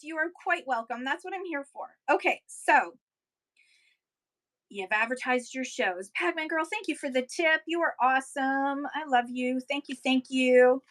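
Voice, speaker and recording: Bright, high-voiced upbeat woman livestreamer. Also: low-quality recording. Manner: upbeat, encouraging, thanks viewers by name. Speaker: livestream seller coach. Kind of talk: casual livestream chat, reading viewer comments.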